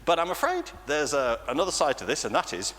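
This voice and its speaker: A man with an English accent leading an all-age church talk for children, animated and playful, often laughing. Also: fairly high pitch, quick pace. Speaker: church leader. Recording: church reverb with faint noise.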